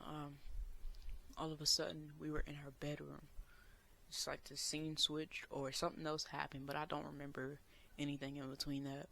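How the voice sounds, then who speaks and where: A young man earnestly telling a personal story as a vlogger, sometimes bursting out loud. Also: a little high, a little hiss or hum. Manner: earnest, emotional retelling with loud outbursts.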